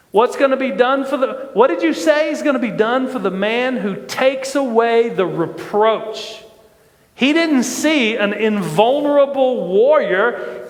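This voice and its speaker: A male pastor preaches with a high, bright voice and an easy, conversational manner, turning to the congregation with questions. His voice carries through a big, roomy sanctuary and leaves a long reverb tail. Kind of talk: sermon. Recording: echoey church hall with long reverb.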